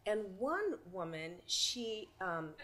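A woman singer as a guest, telling a lively anecdote with laughs and acted-out quotes. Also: medium pitch, slow. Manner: laughing storyteller, acts out voices. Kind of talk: animated anecdote.

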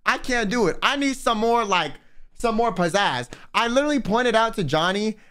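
High-voiced animated young man telling stories. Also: normal speed, clear, resonant tone. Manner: animated, profane, swings loud and quiet. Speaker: vtuber and livestreamer. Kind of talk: casual storytelling.

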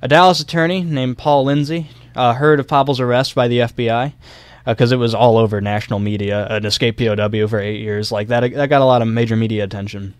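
A man's voice: mid-range voice, fairly even intonation, fast talker, smooth, dry recording. A young man co-hosting a casual history podcast, telling a story loosely with fillers and small laughs. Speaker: podcast co-host.

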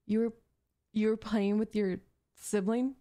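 A woman's voice: mid-range voice, steady tone, a little slow, dark tone, no echo, studio quality, close to an everyday voice. A young woman voicing a possessive, jealous gamer girl in an audio role-play, talking in a bossy, defensive, flustered way. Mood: embarrassed. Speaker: voice actress.

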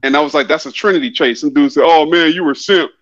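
Male podcast guest, fairly high voice, blunt and preachy, dull, dry lo-fi audio. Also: fast, a bit bright, dry recording. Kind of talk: casual chat.

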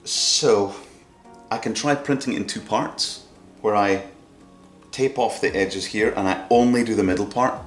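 A man's voice: fairly low pitch, measured pace, recorded from a distance. A man vlogging his screen-printing work in a casual, chatty way, thinking aloud and adding playful sound effects. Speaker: maker vlogger. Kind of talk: casual workshop narration. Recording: roomy sound with music behind.

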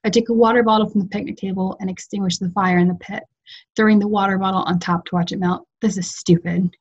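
A woman fiction writer reading her own story aloud in a calm, measured way over a video call. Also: medium pitch, breathy edge, lo-fi sound. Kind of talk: literary reading.

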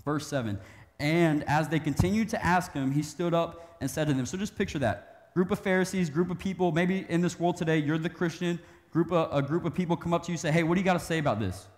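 A young man preaching a casual sermon to young adults, reading scripture and acting out quick quotes in an animated way. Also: on the high side. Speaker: youth pastor. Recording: long reverb of a hall.

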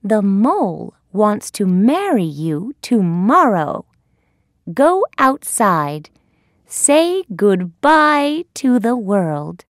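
A woman voicing a bossy old female mouse in a storybook reading, giving brisk orders. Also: mid-range voice, sing-song, dry recording, clean studio sound, full character voice.

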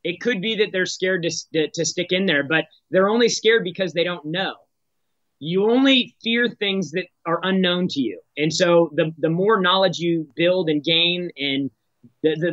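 A man's voice: high-pitched, animated, moderate pace, fairly bright tone, dry recording, dull audio. A man answering as a sales executive guest on a podcast, talking in a direct coaching tone with frequent restarts.

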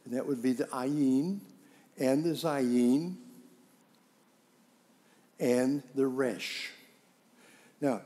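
In a warm, medium-pitched voice, a pastor gives a conversational sermon. He poses rhetorical questions and plays out ordinary dialogue scene by scene to make his point.

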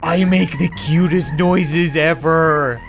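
An excitable young man with a high-pitched voice narrates his own gameplay, cheering and groaning at the screen. He chats to himself and reads the on-screen text aloud. Faint music plays behind him. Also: slow, gravelly. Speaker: gaming channel host. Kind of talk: let's play commentary.

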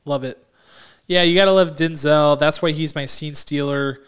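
A man's voice: a little high, steady tone, moderate pace, a bit bright, clear, resonant tone. A man co-hosting a movie podcast, giving easygoing opinions on films. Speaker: podcast co-host. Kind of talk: casual movie review chat.

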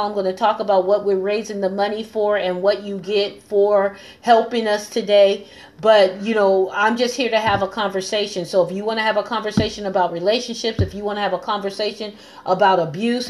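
A woman hosting a live stream as a coach and pastor, talking earnestly and repeating phrases for emphasis. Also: mid-range voice. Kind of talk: casual live-stream talk.

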